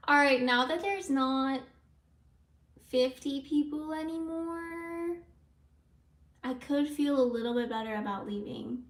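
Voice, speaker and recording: A woman with a high voice chats casually on her livestream, rambling along as she answers viewer comments aloud. She sits back from the microphone, so her voice sounds distant in a room with a noticeable echo. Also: takes it slowly, pauses often. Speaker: live streamer. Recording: roomy sound from away from the mic.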